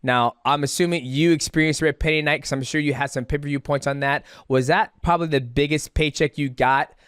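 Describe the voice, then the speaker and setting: A man with a smooth, resonant voice that sits on the higher side hosts a podcast interview. His chatty recaps lead into his questions. The sound is dry and close, with no room echo. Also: fairly even intonation, brisk, a bit bright. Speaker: podcast host. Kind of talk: casual interview chat.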